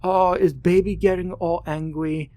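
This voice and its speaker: A man's voice: high-pitched, steady tone, a little slow, dark tone, pitched above the performer's own voice. Man doing a sneering schoolboy bully. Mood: taunting. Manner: sneering, mocking. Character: older schoolboy bully, crude and taunting.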